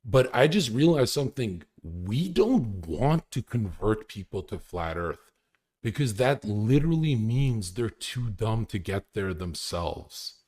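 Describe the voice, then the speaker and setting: A young man rants on a live stream with crude boasts and frequent laughter. His pitch swings widely as he talks, and his delivery is loose and casual. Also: big pitch swings, unhurried, darkish tone. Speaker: livestreamer.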